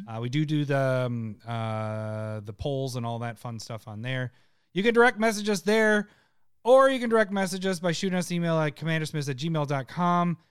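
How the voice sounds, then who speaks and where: A man co-hosting a casual chat show, playful and quick to laugh. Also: fairly high pitch, clean tone, no room sound, clean studio sound. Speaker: podcast co-host.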